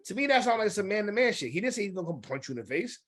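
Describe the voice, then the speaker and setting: A man co-hosting a podcast, talking in an animated, opinionated casual chat. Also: high voice, rapid-fire. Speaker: podcast co-host.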